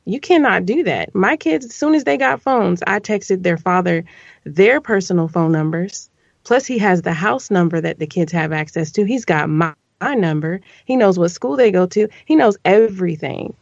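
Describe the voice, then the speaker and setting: A woman guest on a casual podcast, telling a story in an animated way, her voice climbing when she gets upset. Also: on the low side, normal speed, creaky, no echo, muffled recording.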